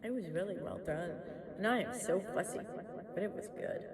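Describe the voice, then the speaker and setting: A woman chatting in a rambling, soft-spoken way, singing carols between stories. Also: mid-range voice, fairly quick, distant mic, over a noisy crowd. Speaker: vlogger singing along to music. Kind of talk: casual chat and singing carols. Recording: echoey room with loud backing music. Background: loud backing track.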